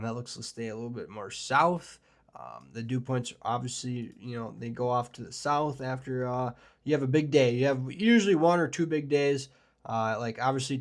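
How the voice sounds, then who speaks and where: A man runs a live weather stream at a medium pitch, talking loosely and chatting with his viewers. He rambles through his points with plenty of fillers. He gets openly excited about big storm setups. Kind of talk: live forecast discussion with chat.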